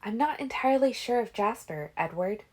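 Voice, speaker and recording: A woman's voice: a little high, lively intonation, normal speed, darkish tone, voice pushed up. A woman reading a fan-made audiobook, voicing an insistent teen girl vampire seer in a raised, lilting voice. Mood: urgent.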